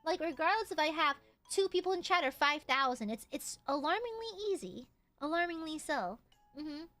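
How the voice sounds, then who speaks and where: A young woman streamer with a very high, bright voice that swings widely in pitch. She chats warmly one moment and shrieks curses at her chat the next, excitable and unfiltered. Soft music plays faintly behind her. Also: moderate pace. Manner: excitable, swears, jumps from tender to shouting at chat. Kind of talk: casual livestream chat.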